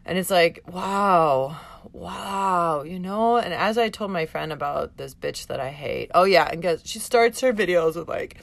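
A woman's voice: fairly low pitch, normal speed, gravelly, no room sound. A woman hosting her own podcast in a casual, profane, emotional monologue. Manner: profane, emotional, tearful and laughing at moments; lively, animated with put-on voices in quotes. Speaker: podcast host.

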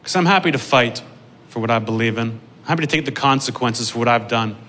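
A man doing a stand-up comedy set on stage, profane and building to shouted rants. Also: medium pitch, fast talker. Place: comedy club stage with a live audience.

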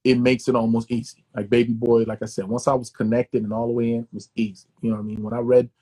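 Fast-talking husky man, animated. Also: mid-range voice. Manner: animated, profane, repeats words. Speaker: actor guest. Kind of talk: casual interview storytelling.

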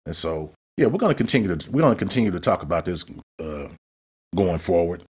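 A man with a low, husky voice hosts a podcast in an impassioned solo monologue. He speaks with heated emphasis and often repeats words as he builds his point. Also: big pitch swings, fairly quick, darkish tone. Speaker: podcast host.

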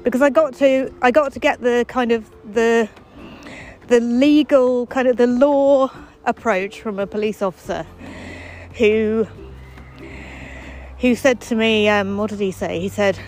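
A woman's voice: on the high side, normal speed, poor audio. A woman hosting a daily walking podcast, chatting in a wry, self-deprecating way outdoors on a footpath. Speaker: podcast host. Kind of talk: casual chatty monologue while walking.

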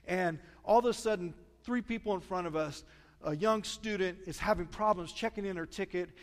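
Chatty Midwestern pastor in a big hall. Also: male voice, high-pitched, normal speed. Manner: storytelling, chatty, self-deprecating humor. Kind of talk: sermon. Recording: long reverb of a large church hall.

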